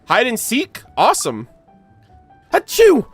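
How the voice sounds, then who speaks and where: Male streamer, high and very animated, excitable, profane, casual reaction. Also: a little slow, soft background music. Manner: excitable, swears, gushes and laughs. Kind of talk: casual gameplay reaction, reading dialogue aloud.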